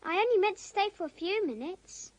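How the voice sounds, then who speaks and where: Earnest pleading young girl played by a woman, very high lively voice, amateur radio play. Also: fairly quick, no echo. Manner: earnest, pleading, well-mannered. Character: polite, kind-hearted young girl.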